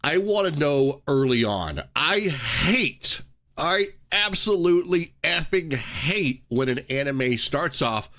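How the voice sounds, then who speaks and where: A man hosting a casual podcast, ranting loosely and tripping over his own restarts. His pitch swings wide and lively as he talks. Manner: animated, ranting, self-interrupting with repeated restarts. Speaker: podcast host.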